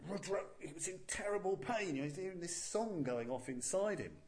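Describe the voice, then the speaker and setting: A man's voice: high-pitched, lively intonation, brisk, few pauses. A man, a Buddhist teacher telling a legend with playful, chuckling asides to his listeners. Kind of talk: storytelling talk.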